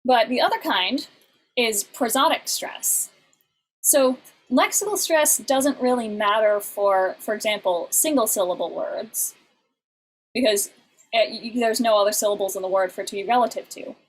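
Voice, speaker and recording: A woman's voice: a little high, moderate pace, slightly rough, low-quality recording. A woman teaching a lesson on song lyrics over an online class, explaining patiently with many fillers and restarts.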